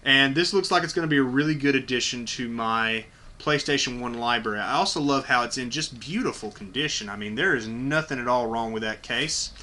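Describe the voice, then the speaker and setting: A man's voice: medium pitch, brisk, pushed and bright. A man hosting a casual unboxing video, talking bluntly and enthusiastically with plenty of swearing. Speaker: video host.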